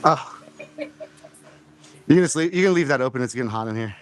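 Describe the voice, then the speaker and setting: A fitness host leads a live home workout, explaining form and counting reps aloud encouragingly while sounding slightly out of breath. His mid-range voice is animated and a little fast. The recording is clean studio sound with no echo.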